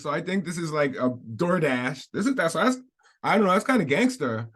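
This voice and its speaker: A man's voice: fairly high pitch, sing-song, brisk, a bit bright. A man giving casual commentary as he reads out a news article, rambling and repeating himself, laughing often, and breaking off to hedge his points. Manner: rambling, repetitive, hedging, frequent laughs. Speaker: commentary vlogger.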